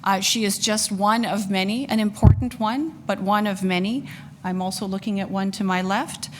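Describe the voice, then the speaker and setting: A woman official speaks at a council meeting in a middle-pitched voice, thankful and audibly moved. She pauses often with fillers. Faint background noise runs under her voice. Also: steady tone. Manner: emotional, thankful, many fillers. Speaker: public health official. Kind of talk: formal remarks at a council meeting.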